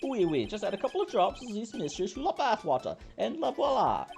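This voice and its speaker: A man voicing a flamboyant, fussy male restaurant owner in a comic fake Italian accent, high and sing-song. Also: wildly swooping pitch, a little fast, creaky, darkish tone, soft background music, full character voice. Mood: theatrical. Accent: put-on comic Italian accent.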